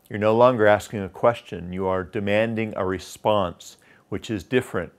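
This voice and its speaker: A man teaching sales, explaining voice tonality and demonstrating pitch drops with slow, emphatic phrases. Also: fairly even intonation. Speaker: sales trainer. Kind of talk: instructional talk.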